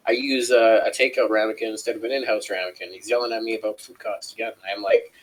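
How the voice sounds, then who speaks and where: A man's voice: on the low side, steady tone, fairly quick, fairly bright tone, slightly rough, poor audio. A man co-hosting a casual chat show, telling a long, profane story and acting out the people in it. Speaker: co-host.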